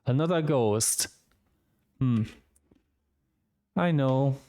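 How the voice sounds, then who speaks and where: A man streaming a visual novel, reading the game's dialogue aloud with quick asides of his own. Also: mid-range voice, mellow.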